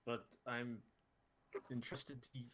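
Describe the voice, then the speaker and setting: A man's voice: medium pitch, little pitch movement, takes it slowly, fairly bright tone, slight background noise. A man playing a tabletop game, speaking casually and a little stumbling. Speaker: player. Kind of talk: casual chat and in-character play.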